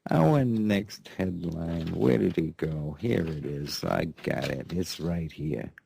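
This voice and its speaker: A man's voice: very deep voice, slow, gravelly, dark tone, breathy edge. A man hosting a sarcastic news commentary show, rambling and mocking, often repeating himself. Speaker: host.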